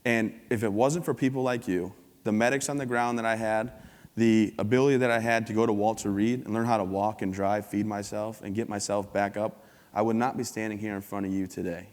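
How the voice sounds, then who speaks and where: A man's voice: on the low side, steady tone, a little fast. Upbeat joking man on a stage. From United States. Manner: joking, upbeat storyteller acting out dialogue. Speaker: keynote speaker. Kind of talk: motivational stage talk with jokes. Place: conference hall stage before an audience. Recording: long hall reverb.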